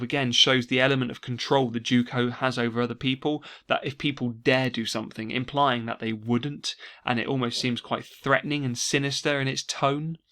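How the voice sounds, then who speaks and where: A man teaching an exam revision lesson, explaining steadily and slowing down to stress key words. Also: medium pitch, bright, forceful tone. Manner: explanatory, repeats key words slowly for emphasis. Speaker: English teacher.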